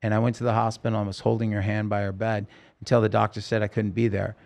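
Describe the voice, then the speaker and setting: A man's voice: fairly low pitch, completely flat delivery, fast, creaky, darkish tone. A man, a singer-songwriter, telling his own story in a podcast interview, earnest and rambling with many restarts.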